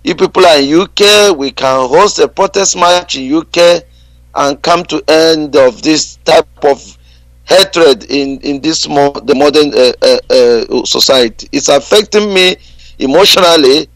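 A man calling in to a radio show, speaking earnestly and haltingly with many pauses. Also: a little high, fairly bright tone, dry recording, poor audio. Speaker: radio caller. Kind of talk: call-in radio talk.

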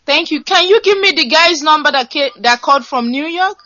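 A woman's voice: high-pitched, animated, a little fast, sharp tone, no echo. A woman calling in to a radio show, speaking casually with some hesitation. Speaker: caller. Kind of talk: phone-in call. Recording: dull lo-fi call line.

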